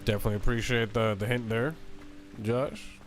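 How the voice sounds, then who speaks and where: A man streaming a video game, chatting excitedly and casually while reading chat messages aloud. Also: medium pitch, moderate pace. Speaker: gaming streamer. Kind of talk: casual let's-play commentary. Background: game music.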